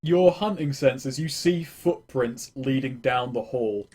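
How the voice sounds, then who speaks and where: A man narrating a tabletop game as game master, describing scenes with halting fillers. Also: medium pitch, a little mellow, husky.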